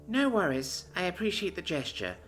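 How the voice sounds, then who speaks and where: Man doing a high, timid furry alien girl. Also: very animated, a bit bright, faint music behind. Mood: eager. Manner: eager, apologetic, quick to fluster. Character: timid young female alien with fur and ears.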